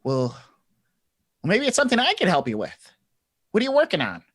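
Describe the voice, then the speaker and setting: Slightly high-voiced man playing his character. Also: huge pitch swings, moderate pace, fairly bright tone, slightly rough, no echo, studio quality. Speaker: player. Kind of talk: in-character tabletop play.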